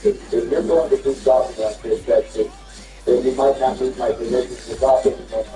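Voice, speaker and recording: A man giving confrontational gameplay commentary with trash talk and swearing, swinging between squeaky and low tones. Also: fairly even intonation, fairly quick, far from the mic. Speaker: gaming video host. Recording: echoey room, away from the mic, music behind.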